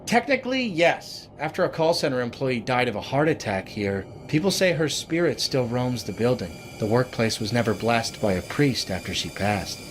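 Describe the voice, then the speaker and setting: A man's voice: mid-range voice, expressive, moderate pace, few pauses, slight background noise, voice pushed up, close to an everyday voice. A man voicing a worried male gym client who speaks in an earnest, confiding way.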